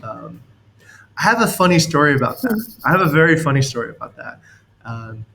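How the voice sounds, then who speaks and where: A man's voice: fairly high pitch, sing-song, quick pace, gravelly, bright, forceful tone. A man leading a team session, coaching on leadership in a rambling, anecdotal way and chuckling as he explains.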